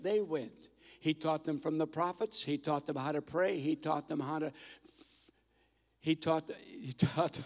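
An older man in his eighties preaches as a guest speaker, telling stories with folksy humor. His voice sits a bit high and has a gravelly edge. The sound carries the long reverb of a big church sanctuary. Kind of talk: sermon.

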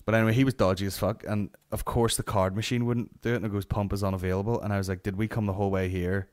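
A man's voice: fairly low pitch, fairly even intonation, fast. Sweary Northern Irish man telling stories. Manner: sweary, rambling anecdotal delivery. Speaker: podcast host. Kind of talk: solo comedy podcast storytelling.

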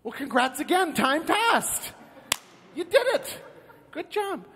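A bubbly angel greets a newcomer at heaven's gate, as a pastor puts him on, the voice jumping up into bright, squeaky highs. Every line sounds cheerful and congratulatory, and a long church reverb rings after it. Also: male voice, expressive, normal speed. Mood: chirpy. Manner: upbeat, congratulatory, rising to high squeaks.

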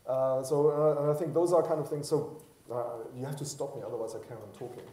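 A man's voice: mid-range voice, steady tone, quick pace, warm tone. A man speaking as an executive on a conference panel, chatty and self-deprecating, with many fillers and restarts. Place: conference hall. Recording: roomy panel hall from far off.

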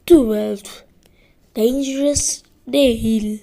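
A woman reading a children's chapter book aloud, slow and deliberate, sometimes correcting and rereading lines. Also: on the high side, fairly even intonation, dark tone. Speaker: audiobook reader.

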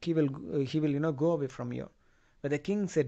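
Man, lecturer, retelling a play, halting, fillers, mellow voice. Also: a little high, dull audio. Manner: retells the story with loose, halting phrasing and many fillers. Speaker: literature lecturer.

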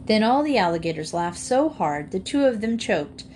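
A woman reading a children's storybook aloud in a clear, expressive way. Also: on the low side, normal speed, hardly any pauses, faint music behind. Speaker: audiobook reader.

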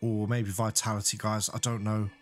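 A man's voice: fairly low pitch, level tone, normal speed, music in the background. Nervous, chatty man narrating gameplay. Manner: chatty and jittery, nervous laughs, mild swearing. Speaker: let's play gamer. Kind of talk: casual gameplay commentary.

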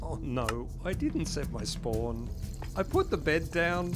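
Lively high-voiced man, mock-angry. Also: slow, loud music behind the voice. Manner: mock-outraged and theatrical, laughing often. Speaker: video game channel host. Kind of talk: casual gameplay commentary.

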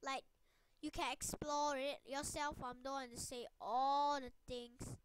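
A young woman giving let's play commentary, exasperated, often breaking into cries and shouts of frustration. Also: high voice, fairly even intonation, a little slow, no echo. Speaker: gaming video creator.

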